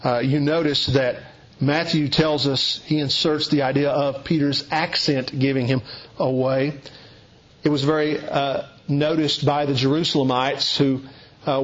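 Southern male preacher, folksy explainer, voice on the high side, muffled lo-fi sound. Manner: explanatory, folksy, occasional restarts. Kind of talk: Bible teaching sermon. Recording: dull lo-fi recording.

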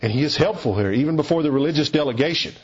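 A man preaching an expository sermon, emphatic and deliberate, leaning hard on key words. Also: fairly high pitch, animated, husky, dull audio.

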